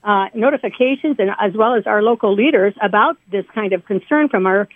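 A woman's voice: medium pitch, a little fast, slight background noise. A woman from northern Indiana calling a radio show, speaking earnestly and urgently. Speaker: caller. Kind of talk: phone call to radio show. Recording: tinny phone line.

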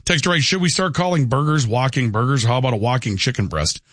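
A man's voice: mid-range voice, quick pace, fairly bright tone, dry recording, clean studio sound. A man hosting a talk radio show, reading out texts and riffing on them in a rambling, emphatic, jokey way. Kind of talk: casual talk radio chat.

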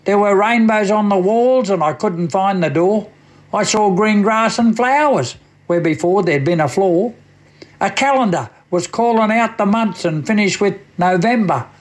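This radio poet, an Australian man, recites a humorous bush poem at a measured pace. His voice is high, well above the typical male range, and he spins the tale in a dry, drawling manner.

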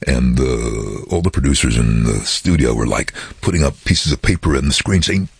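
Deep-voiced man with a husky voice and a lively, expressive delivery; recounts anecdotes in an interview. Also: normal speed, dry recording. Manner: animated, acts out voices in anecdotes. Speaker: voice-over artist and former train driver. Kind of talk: interview storytelling.

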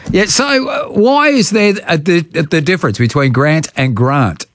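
A man's voice: a little high, animated, measured pace, fairly bright tone, no echo, clean studio sound. An Australian man hosting a morning radio show, jokey and matey, often laughing with callers. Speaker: radio host. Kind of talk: breakfast radio chat.

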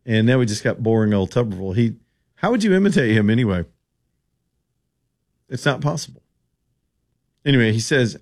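A man's voice: mid-range voice, sing-song, fairly quick, long pauses. A man hosting a radio talk show, giving casual political commentary in an opinionated, rambling way with sarcastic asides.

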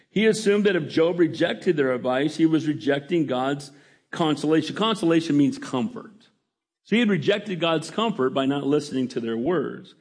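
A man's voice: fairly high pitch, darkish tone. A middle-aged man preaching a sermon in a conversational way, often asking the congregation for an amen. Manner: conversational, calls for amens. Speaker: pastor.

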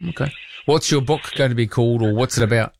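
A man's voice: medium pitch, fast talker, a little mellow, a little hiss or hum. A man hosting a talkback radio show, chatty, blunt and opinionated with callers. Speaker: talk radio host. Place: radio studio.

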